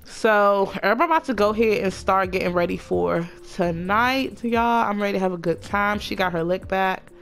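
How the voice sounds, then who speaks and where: A woman's voice: medium pitch, a little fast, few pauses, fairly bright tone, faint music behind. A woman giving casual, sassy, profane let's-play commentary. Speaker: gaming channel host.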